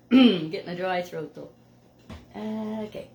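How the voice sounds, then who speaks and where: A tired woman from Canada, chatting casually between songs as host of a music show, laughing easily and sometimes hushing her voice. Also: medium pitch, expressive, very slow, slight background noise. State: tired from lack of sleep. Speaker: musician hosting a live show.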